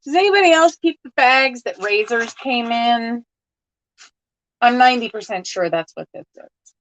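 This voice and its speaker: A woman's voice: on the high side, animated, moderate pace, no echo, dull audio. A woman chatting casually to viewers while sorting through a box of odds and ends, rambling and laughing at herself. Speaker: crafting vlogger. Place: at home.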